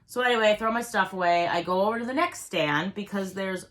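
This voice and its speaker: A woman with a middle-pitched voice tells a story in a relaxed chat. She rambles and stays animated, and she pads her sentences with "like.". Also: quick pace.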